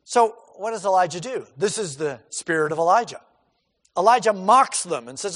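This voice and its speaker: A male pastor delivering a sermon with emphatic, rhetorical questions and repeated words for stress. His voice is high and very lively in pitch, and it rings with the long reverb of a big hall. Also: moderate pace.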